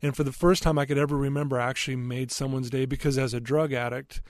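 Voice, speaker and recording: A man's voice: medium pitch, fairly even intonation, quick pace. A man earnestly telling a personal story as a podcast guest, candid and loose, with frequent fillers.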